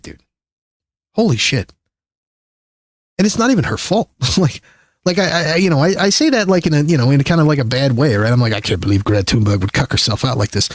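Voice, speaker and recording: A man streaming live, ranting in rambling, profane commentary. He jumps from high outbursts to low mutters. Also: no echo, studio quality. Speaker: livestreamer.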